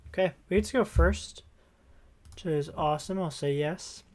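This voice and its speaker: A streamer talks through a live card game, thinking aloud move by move. The tone is casual and upbeat, with a voice sitting at an ordinary middle pitch. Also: normal speed, darkish tone. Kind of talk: live gameplay commentary.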